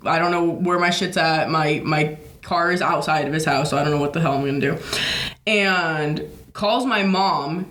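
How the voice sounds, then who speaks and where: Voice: mid-range voice, a bit bright, echoey room. A young adult podcast co-host telling a long personal story in a casual, profane, rambling way with lots of fillers.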